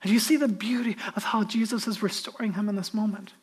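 A male pastor delivers a sermon in a relaxed, conversational tone. He is earnest and often turns to the congregation with direct questions. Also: high voice, quick pace, husky.

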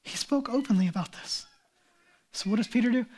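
A man's voice: very high-pitched, fairly quick, a little mellow, husky. Casual conversational male pastor preaching. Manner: casual and conversational, heavy use of "like"; acts out Bible characters in quoted speech. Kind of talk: sermon.

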